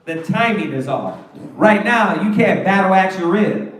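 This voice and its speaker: A man teaching a Bible class in a lively, slangy, joking way, full of rhetorical questions. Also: sits high, measured pace, a little hiss or hum. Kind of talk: lively street-talk preaching. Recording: echoey room, voice far from mic.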